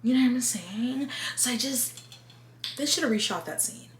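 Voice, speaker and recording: A woman's voice: on the high side, lively intonation, normal speed. Chatty woman in an echoey room. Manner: chatty, rambling, filler-heavy. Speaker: video creator recapping a film. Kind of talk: casual chat. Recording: echoey room with faint hum.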